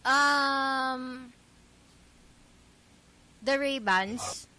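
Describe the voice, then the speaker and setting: A woman's voice: sits high, drawn-out words, background noise. A young woman in her twenties with a Filipino accent, chatting on a podcast and tossing out giggly, sassy comebacks. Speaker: podcast co-host. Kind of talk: casual chat.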